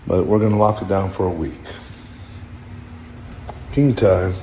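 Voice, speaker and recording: A sleepless man rambles into his phone camera at home late at night, drifting from low mutters to sudden loud outbursts. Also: fairly even intonation, measured pace, slight background noise. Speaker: social media personality. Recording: roomy echoey room, faint ambience.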